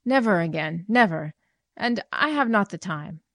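A woman voicing a fussy, indignant woman who is easily irritated, shrill and petulant. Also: animated, moderate pace, fairly bright tone, no room sound, clean studio sound, lightly acted. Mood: disdainful.

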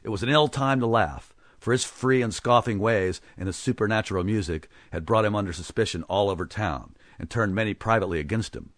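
A man narrating a story as an audiobook, with expressive storytelling. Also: on the low side, fairly quick, few pauses, no echo, studio quality.

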